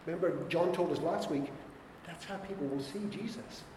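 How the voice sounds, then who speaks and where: Man, pastor preaching, fairly high voice, emphatic repeated urgings, roomy hall with long reverb. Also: normal speed, darkish tone, a little hiss or hum. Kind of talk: sermon. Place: church hall.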